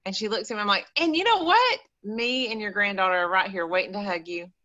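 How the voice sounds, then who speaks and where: A woman with an East Texas accent, chatting as a caller on a call-in show in an animated, rambling, folksy way. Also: medium pitch, quick pace, lo-fi sound. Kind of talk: casual chat.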